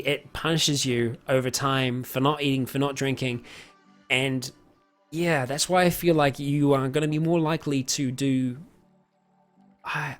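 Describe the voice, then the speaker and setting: A man chatting casually on a live stream, answering viewer questions with lots of fillers, restarts and chuckles. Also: medium pitch. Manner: rambling, many fillers and restarts, chuckles often.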